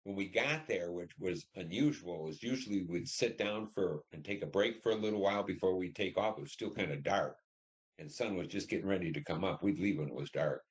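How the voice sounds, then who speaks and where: Deep-voiced older man, war stories. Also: a little fast. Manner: plain storytelling, acts out dialogue. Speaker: Vietnam War veteran interviewee. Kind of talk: oral history interview.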